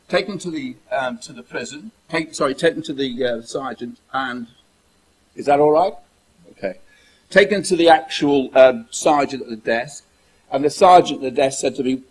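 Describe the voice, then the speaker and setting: A man from the United Kingdom talks in a husky, slightly breathy voice at an ordinary pitch. He speaks emphatically and repeats his phrases as he recounts events. He acts out the dialogue in his story. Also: brisk, a little mellow, low-quality recording. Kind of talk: monologue telling a personal story.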